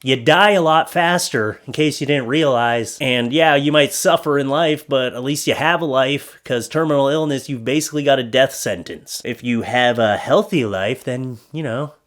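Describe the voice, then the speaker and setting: A man's voice: medium pitch, moderate pace, few pauses, a bit bright. A man hosting a casual reaction commentary, blunt, sarcastic and profane, reading posts aloud and mocking them. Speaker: commentary host.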